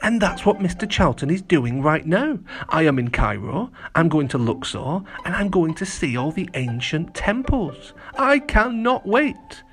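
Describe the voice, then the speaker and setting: A man reading a children's story aloud and chatting warmly to the boys and girls listening, with lots of animated emphasis. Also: fairly high pitch, moderate pace, hardly any pauses. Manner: lively, addressing children directly.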